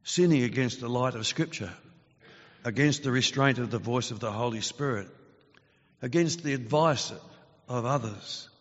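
A man preaching a sermon in an earnest, measured way, his voice growing forceful when he reads scripture. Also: mid-range voice. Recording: dull lo-fi sound with long reverb.

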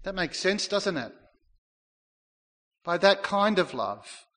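High, bright-voiced preaching man. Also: big pitch swings, takes it slowly. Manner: earnest preaching, acts out quoted lines. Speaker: pastor. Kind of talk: sermon. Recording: long hall reverb.

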